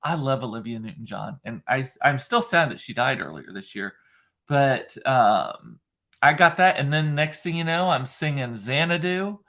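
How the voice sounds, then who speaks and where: A man's voice: mid-range voice, expressive, moderate pace, pushed and bright. Male host, casual solo chat, mid-range voice, chatty and rambling with lots of fillers.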